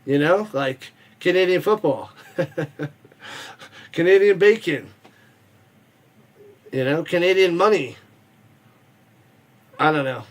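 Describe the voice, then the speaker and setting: Guy with a pretty high voice running a football watch stream, rambly and jokey, reads chat out loud. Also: animated, slow, long pauses. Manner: rambling, joking, reads chat comments aloud. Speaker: watch party host and play-by-play streamer. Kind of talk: casual live-stream chat with play-by-play calls.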